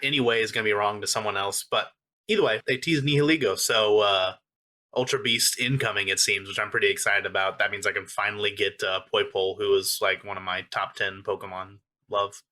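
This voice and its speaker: A young American man with a fairly low voice and a bright, forceful edge, hosting a casual podcast. He chats easily and breaks into laughter between remarks. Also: steady tone, a little fast. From United States. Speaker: podcast host. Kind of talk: casual chat.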